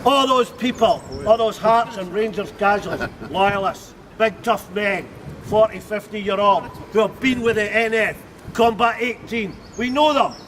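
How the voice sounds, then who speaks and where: A man's voice: high voice, measured pace, a bit bright. A middle-aged man making a rousing, defiant speech at an outdoor counter-protest. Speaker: rally speaker. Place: outdoors on a city street. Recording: street noise and a crowd around.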